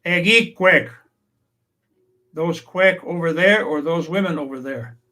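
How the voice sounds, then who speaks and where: A man leads a language lesson at an unhurried pace. He says each word, then explains what it means, and now and then adds a small joke. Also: fairly high pitch, bright, forceful tone. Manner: says each native word then its English meaning, with light humor. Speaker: language teacher.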